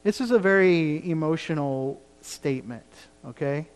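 A man preaching from the pulpit, earnest and pleading, his emphasis building as he presses each point. His voice sits a little high for a man, and it rings out with a long church reverb. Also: measured pace. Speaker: pastor. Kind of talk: sermon. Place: church sanctuary.

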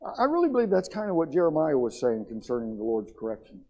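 A man's voice: fairly high pitch, wildly swooping pitch, quick pace, dark tone. A middle-aged man preaching a sermon in a church, impassioned, with stammered restarts as he builds. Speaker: pastor.

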